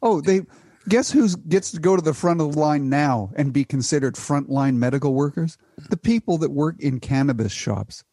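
Man, 60s, gravelly and husky, blunt opinions, warm dark tone. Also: on the high side, normal speed, no room sound, clean studio sound. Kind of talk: casual group chat.

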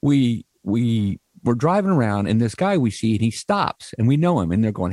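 Animated rambling storyteller, man in his 60s. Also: mid-range voice, moderate pace, few pauses, no room sound, studio quality. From US Midwest. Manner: rambling, animated, frequent restarts and fillers. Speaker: podcast co-host. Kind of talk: casual storytelling.

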